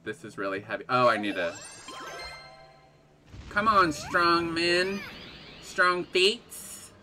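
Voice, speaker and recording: A man giving excitable live gameplay commentary, gasping and laughing as he reacts to the game. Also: a little high, slow, soft background music. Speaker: game streamer.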